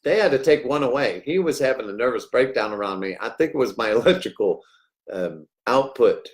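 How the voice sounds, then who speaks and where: A middle-aged man hosting a rambling livestream, jokey and swinging between loud outbursts and hushed asides. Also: medium pitch, expressive, brisk. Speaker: livestream host.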